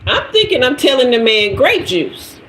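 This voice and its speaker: A woman in her forties, a tarot reader, telling a dramatic story on a livestream in an animated way. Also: fairly high pitch, normal speed, slight background noise. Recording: echoey room.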